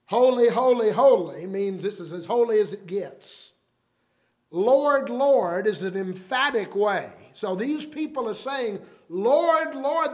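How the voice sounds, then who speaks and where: A man with a high voice delivers a sermon. He speaks earnestly and leans hard on key words. He quotes scripture at length. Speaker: preacher.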